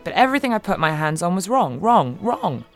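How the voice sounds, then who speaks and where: Low-voiced woman narrating an audiobook. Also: quick pace, soft background music. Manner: wry, expressive, swings between giddy and hushed. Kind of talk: first-person audiobook narration.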